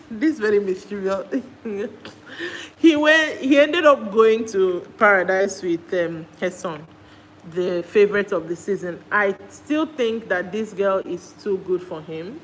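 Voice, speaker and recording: A woman from Nigeria vlogging, retelling a show in a casual, chatty way with animated jumps into high-pitched exclamations. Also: slow, a little hiss or hum, rough recording.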